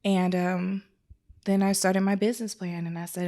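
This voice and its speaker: A woman's voice: mid-range voice, brisk. Woman, wedding photographer, casual interview, emotional, chatty. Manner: chatty and emotional, acts out quoted voices. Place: her photography studio.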